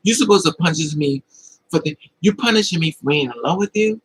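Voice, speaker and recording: A man's voice: a little high, expressive, fairly quick, noisy background. A man hosting a livestream, telling personal stories with emotion and replying to chat comments in a confiding way. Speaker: livestream host. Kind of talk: casual livestream talk, answering chat.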